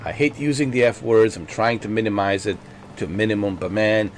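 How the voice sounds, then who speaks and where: A man's voice: on the low side, fairly even intonation, fairly quick, faint music behind. A man streaming a video game, ranting in frustration, repeating himself, swearing and then apologizing to his viewers. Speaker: gaming streamer. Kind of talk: frustrated live gameplay commentary.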